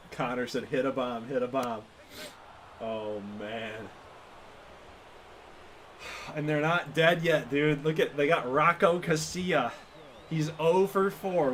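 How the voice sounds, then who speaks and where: A man giving casual play-by-play commentary over a baseball video game, excitable and quick to laugh and react to each play. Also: a little high, slight background noise. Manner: excitable, laughs often, reacts loudly to plays. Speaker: gaming channel host.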